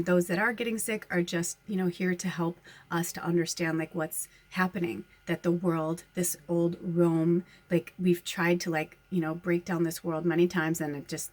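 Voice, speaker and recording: A woman medium talking casually to her followers, rambling and chatty, often breaking into laughter. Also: on the low side. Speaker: spiritual medium and channel host.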